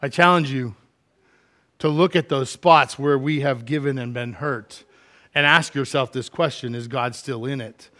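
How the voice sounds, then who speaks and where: A middle-aged man preaching a sermon, animated, acting out quoted complaints with big swings from quiet to loud. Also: medium pitch, measured pace. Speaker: pastor.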